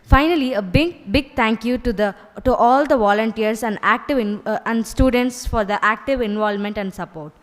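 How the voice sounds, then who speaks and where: A woman's voice: a little high, normal speed, few pauses. A woman with an Indian English accent giving a formal vote of thanks at a college workshop. She stumbles now and then over names. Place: college hall. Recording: hall reverb.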